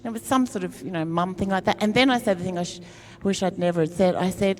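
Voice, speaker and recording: A woman's voice: fairly low pitch, fast talker, a little hiss or hum. A middle-aged woman, a comedian giving a talk at an event and telling a self-mocking, funny story in a chatty way. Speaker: speaker at a climate event. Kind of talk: humorous storytelling speech.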